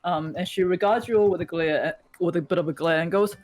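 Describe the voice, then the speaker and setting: A woman's voice: fairly low pitch, fairly quick, few pauses, darkish tone, soft background music. A woman narrating as game master in a casual, filler-heavy way.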